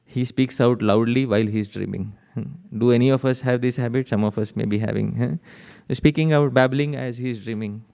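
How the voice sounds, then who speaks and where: A man preaches to his congregation, chanting verses and posing questions to the room. His voice is smooth and resonant at a middle pitch, and a long reverb trails it through the temple hall. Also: brisk, few pauses, warm tone. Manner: chanting verses, asking the audience rhetorical questions. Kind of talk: devotional sermon with storytelling.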